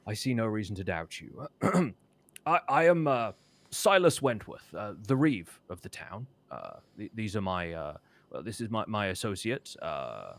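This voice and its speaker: A man's voice: lowish voice, sing-song, vocal fry, full character voice. A man voicing a flustered male orc town official who speaks formally and keeps stumbling over his words. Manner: halting, formal, full of restarts.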